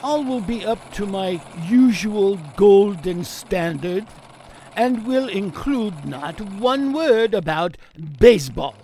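A man's voice: high voice, expressive, slow, mellow, a little hiss or hum, exaggerated voice. A man playing a haughty, grudge-holding news writer, pompous and sarcastic. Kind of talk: audio drama acting.

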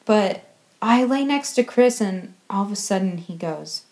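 A woman recounting her experience in a lively, giggly storytelling way, often breaking into laughter. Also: medium pitch, a little slow. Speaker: travel vlogger. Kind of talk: storytelling recap.

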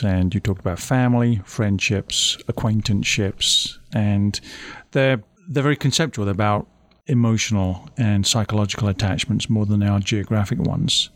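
A man interviewing a guest, asking measured and thoughtful questions. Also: fairly low pitch, fairly even intonation, no room sound.

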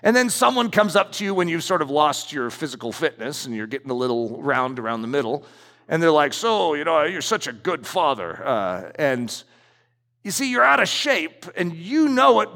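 This middle-aged pastor speaks at normal speed in a fairly high, creaky voice with a sharp tone and big pitch swings. Preaching in a church sanctuary, he is emphatic and repetitive as he drives his points home, with church hall reverb around him.

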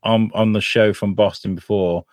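Chatty podcast host, dry sound. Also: male voice, fairly low pitch, fairly even intonation, normal speed, a little mellow, dry recording. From England. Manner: chatty, swears freely, stumbles and restarts. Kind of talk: casual chat.

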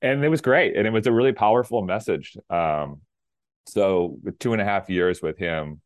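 A middle-aged man from Minnesota, a former pro tennis player, telling his story in a relaxed interview with lots of fillers and restarts. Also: on the low side, moderate pace, dry recording, studio quality. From Minnesota, USA. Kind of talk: casual interview talk.

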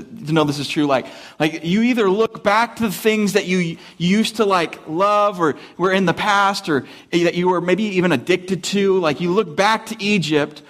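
Conversational man preaching a sermon. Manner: conversational, storytelling, rises high and loud for emphasis. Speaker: pastor.

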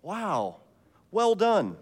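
A man's voice: sits high, wildly swooping pitch, drawn-out words, a little mellow, big-room sound, pitched above the performer's own voice, full character voice. A man voicing a formal, welcoming male gatekeeper of heaven.

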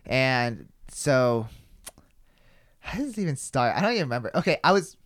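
A man's voice: medium pitch, big pitch swings, normal speed, a bit bright. A young man hosting a podcast, telling a story in casual chat, rambling, swearing freely and filling with "like". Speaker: podcast host.

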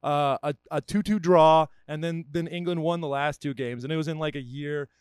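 A man's voice: a little high, fairly even intonation, normal speed, clean tone, no room sound, studio quality. A man hosting a casual comedy podcast, rambling and laughing often between phrases. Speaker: podcast host.

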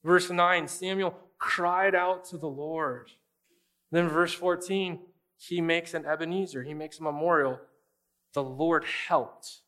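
A man preaching a sermon in a conversational style, asking the congregation rhetorical questions and adding quick asides. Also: fairly high pitch, fairly even intonation, fairly bright tone. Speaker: pastor.

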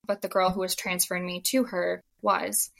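A young woman recounts her story in relaxed podcast conversation. Her voice is bright, and she talks in an animated way, slipping into the voices of the people she quotes and filling gaps with "like.". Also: on the low side, normal speed, vocal fry. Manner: animated, acts out quoted dialogue, frequent "like". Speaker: podcast guest. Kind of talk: casual storytelling.

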